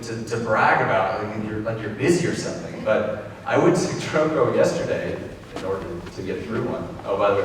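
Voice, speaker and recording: A man's voice: fairly low pitch, slight background noise. A young man from Texas doing a rambling, self-amused stand-up comedy set on stage. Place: large hall with a live audience. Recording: echoey hall recording from far off.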